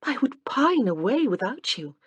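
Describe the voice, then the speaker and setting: A woman's voice: fairly high pitch, sing-song, moderate pace, slightly rough, no room sound, voice pushed up. A woman voicing a playful, teasing young wife in an audiobook. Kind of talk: audiobook character reading.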